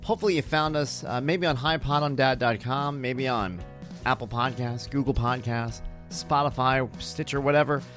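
A man's voice: medium pitch, normal speed, a bit bright, soft background music. A man in his thirties hosting his own podcast, chatting casually in a rambling, self-deprecating, joking way while sounding tired. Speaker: podcast host. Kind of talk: casual solo podcast chat.

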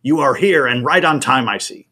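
A man voicing a jovial, buoyant old male art professor in his eighties, talking slowly. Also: medium pitch, sharp tone, husky. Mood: fond.

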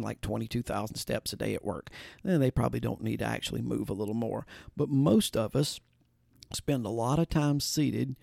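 A folksy male podcast host with a gravelly edge to his voice and a dark, mellow tone. He talks in a relaxed way, wanders into asides and corrects himself mid-sentence, and the sound is close and dry. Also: medium pitch, no room sound. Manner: folksy, conversational, with restarts and asides. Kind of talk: casual spoken storytelling and advice.

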